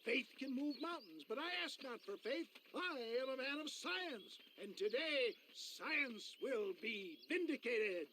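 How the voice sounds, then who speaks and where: A male actor playing a boastful old-west snake-oil salesman, working a crowd with showy pitchman patter in a video game. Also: lively intonation, measured pace, few pauses, bright, forceful tone, slight background noise, full character voice.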